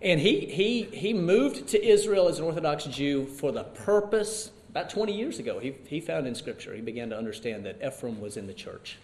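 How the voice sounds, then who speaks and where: A man teaching a Bible class and leading prayer, excited and rambling with many restarts. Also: on the high side, a little fast, few pauses, echoey room.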